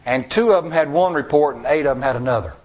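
A male pastor giving an expressive sermon, asking the congregation rhetorical questions and acting out the voices of people he quotes. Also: medium pitch, fast talker.

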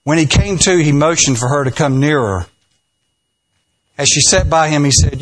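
A man's voice: a little high, normal speed, a bit bright. A man, a pastor telling jokes and folksy stories in a sermon. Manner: folksy, joking, acts out quoted voices. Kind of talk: humorous sermon storytelling.

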